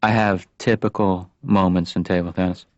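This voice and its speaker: A smug video store clerk voiced by a man answers in a dry, sarcastic deadpan with a lowish voice. The cartoon audio is dull and lo-fi, with faint hiss and keyboard clicks. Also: normal speed, lightly acted.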